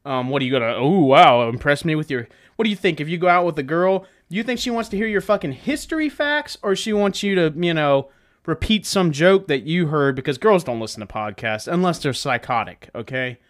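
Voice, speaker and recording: A podcast host in a truck rants with constant swearing and heavy sarcasm, throwing in bursts of mocking voices for comic effect. His voice is on the high side, expressive, and brisk.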